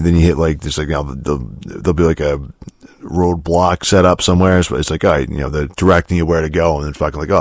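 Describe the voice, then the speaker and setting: A man's voice: very deep voice, a little mellow, no echo, studio quality. A man casually reviewing a video game. He rambles, swears constantly, restarts his sentences and chuckles often.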